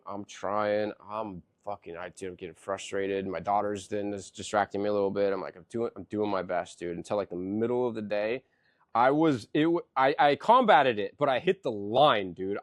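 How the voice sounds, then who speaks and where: A middle-aged man hosting a podcast, telling a profane, animated story in casual chat. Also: fairly low pitch, dry recording, clean studio sound. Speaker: podcast host.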